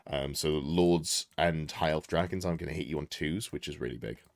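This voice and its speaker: A man's voice: very deep voice, a little fast, creaky, no room sound, clean studio sound. A man reviewing a tabletop army list on a live stream, thinking aloud, correcting himself and chatting to viewers. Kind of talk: casual live-stream commentary.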